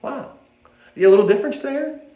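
A man's voice: sits high, lively intonation, normal speed, lo-fi sound. An older man preaching a sermon in a folksy, rambling way, with restarts and asides, in an echoey hall.

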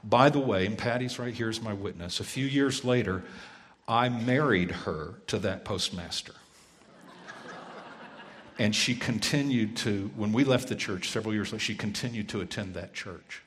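A man's voice: fairly low pitch, normal speed, fairly bright tone, slight background noise. Guy preaching, telling his story, acts out the lines, big reverb hall. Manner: earnest storyteller who acts out dialogue. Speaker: pastor. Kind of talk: sermon storytelling.

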